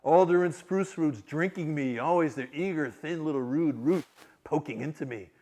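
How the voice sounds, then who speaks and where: A man reading aloud as a talking river, listing what flows through it in a slow, rolling way. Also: on the high side, warm tone. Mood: musing. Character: ancient talking river, calm and teeming.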